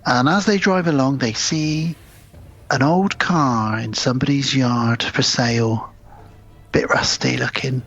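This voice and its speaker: A husky-voiced man talks through a film's plot for his co-host, casually and with plenty of swearing. He slips into the characters' lines as he goes. The audio is dull and lo-fi, like a home podcast setup. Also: medium pitch, a little slow, fairly bright tone. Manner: retelling a film plot with acted quotes, sweary. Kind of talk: casual film recap chat.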